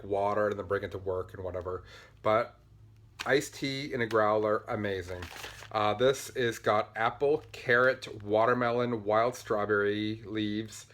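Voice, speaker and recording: A man's voice: on the low side, fairly bright tone, a little hiss or hum. Chatty man rambling on upbeat. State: buzzing on caffeine, talking fast. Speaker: podcast host. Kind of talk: casual show-and-tell chat.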